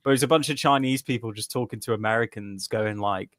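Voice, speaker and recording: A man's voice: lowish voice, quick pace, dry recording, studio quality. A man from Britain co-hosting a casual podcast, telling stories animatedly, swearing and laughing as he talks. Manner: animated storytelling, swears, laughs mid-sentence. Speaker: podcast co-host. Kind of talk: casual chat.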